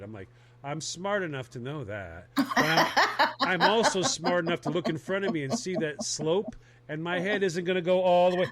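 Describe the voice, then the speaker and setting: A man with a high voice tells a comic story in relaxed chat, often laughing mid-sentence. A crowd can be heard clearly behind him. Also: normal speed. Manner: animated, laughing through the story. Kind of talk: casual comedic storytelling.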